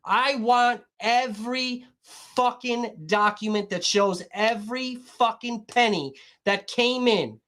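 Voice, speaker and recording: A woman's voice: on the high side, slow pace, hardly any pauses, a bit bright. A woman live streaming, swearing constantly in an irritated, combative rant. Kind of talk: livestream rant.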